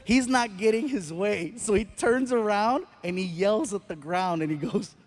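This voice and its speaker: A middle-aged man with a notably high voice tells a stand-up comedy story live on stage. He is animated and playful, and he switches into the people in the story as he acts out their dialogue. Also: moderate pace.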